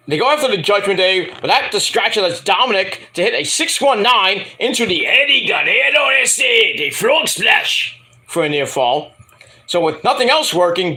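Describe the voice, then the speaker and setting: A man giving a casual, profane, animated recap as a wrestling show reviewer. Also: high-pitched.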